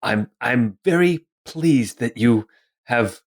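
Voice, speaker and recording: A man's voice: medium pitch, expressive, takes it slowly. A man voicing a stammering old male merchant who stumbles over his words. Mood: warm, flustered.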